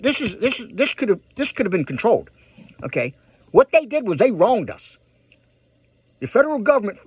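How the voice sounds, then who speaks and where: Speaking straight to his audience, a political vlogger delivers a heated, emphatic rant, repeating points and pushing viewers to act. His voice sits high with a breathy edge, and the recording has no echo.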